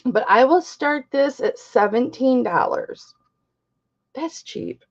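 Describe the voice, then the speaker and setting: A woman's voice: high-pitched, animated, a little slow, muffled recording. A middle-aged woman hosting a live-stream jewelry auction, chatty and bawdy, greeting viewers by name.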